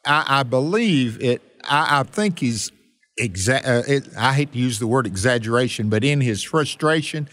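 A man's voice: mid-range voice, expressive, moderate pace, a bit bright, dry recording. Earnest man in a dry, close recording. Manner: storytelling, earnest, with restarts. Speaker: Bible teacher co-host. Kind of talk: Bible study discussion.

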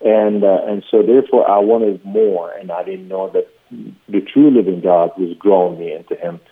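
A Lebanese-accented man with a very low voice tells his story, earnest and halting, with frequent fillers. He is heard over a narrow, tinny phone line. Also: fairly even intonation. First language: Arabic. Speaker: guest preacher. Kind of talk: personal testimony.

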